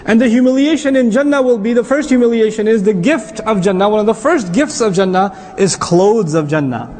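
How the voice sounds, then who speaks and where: A middle-aged man giving an animated religious lecture as an Islamic teacher, often quizzing his audience. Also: high voice, a little fast, slight background noise.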